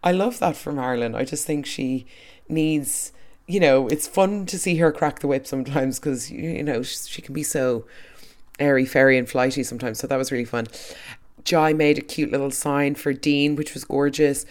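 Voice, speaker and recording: A speaker giving a chatty, opinionated recap of a soap opera, with quick asides and restarts. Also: mid-range voice. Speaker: soap recap podcast host. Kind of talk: casual chat.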